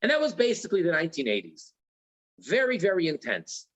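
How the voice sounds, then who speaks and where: A man's voice: high voice, wildly swooping pitch, a little fast, fairly bright tone, rough recording. A man teaching a religious lecture in an earnest way, repeating key phrases for emphasis.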